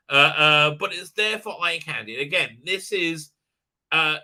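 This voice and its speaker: A man with a high, bright, sharply edged voice rambles through a casual episode review. He stumbles over fillers and restarts, and his tone stays dry and sarcastic. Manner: mocking put-on voices for characters. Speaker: video reviewer.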